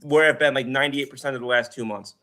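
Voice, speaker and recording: A man's voice: mid-range voice, steady tone, fast, sharp tone. A man with a mid-range voice chats about sports over a video call from his mother's house. He talks hesitantly and stammers through restarts. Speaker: co-host. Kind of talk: casual sports chat.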